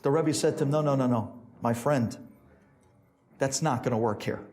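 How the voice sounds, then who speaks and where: A man's voice: moderate pace, a little mellow. A man, a rabbi, telling a sermon story and acting out each character's voice. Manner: acts out characters with big pitch swings.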